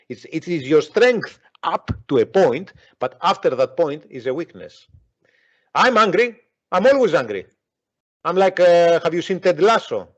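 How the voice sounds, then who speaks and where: Brief: male trading coach, blunt and profane, slightly high voice, dull lo-fi recording. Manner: forceful, profane, repeats himself. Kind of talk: blunt motivational talk. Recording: dull lo-fi audio.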